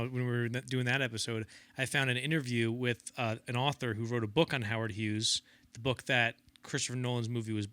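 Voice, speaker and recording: Young guy on a film podcast, bright voice, acts out every quote, dry close mic. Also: medium pitch, dry recording. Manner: animated storyteller acting out quotes in voices. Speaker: podcast co-host. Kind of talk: casual film-history chat.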